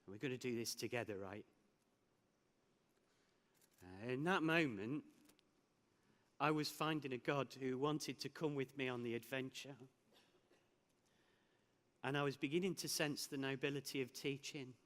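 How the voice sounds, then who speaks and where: A man delivers a conference keynote in a large hall, telling a personal story punctuated by laughs and restarts. His medium-pitched, fairly bright voice moves at a normal speed with frequent pauses, and the hall has a long reverb.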